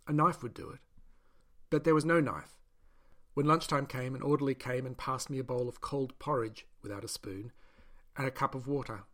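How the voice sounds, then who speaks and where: A man reading a first-person novel as an audiobook narrator, in a steady, measured way. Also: medium pitch.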